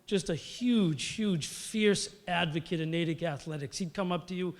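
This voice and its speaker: A man's voice: fairly high pitch, normal speed, big-room sound. Middle-aged New man telling stories. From Massachusetts. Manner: storytelling, conversational with fillers, acting out quotes. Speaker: hall of fame inductee. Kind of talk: acceptance speech.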